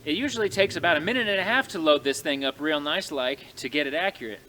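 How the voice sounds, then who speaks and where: A man telling a frontier tale in a folksy, animated way, speaking to his audience outdoors in snowy woods. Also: a little high, quick pace, a little hiss or hum. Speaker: living history storyteller. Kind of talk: folksy oral storytelling.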